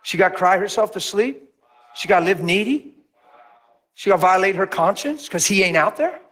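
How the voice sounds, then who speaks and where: A man preaching as a pastor, telling stories with lively acted-out voices and sudden drops to a near whisper. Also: moderate pace. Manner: animated storytelling, acts out voices with big pitch jumps. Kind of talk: sermon.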